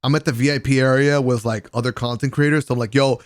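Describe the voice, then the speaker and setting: A gaming content creator telling a casual vlog story about a party, excitable and profane, often laughing and using slang. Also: male voice, medium pitch, quick pace, no echo, studio quality.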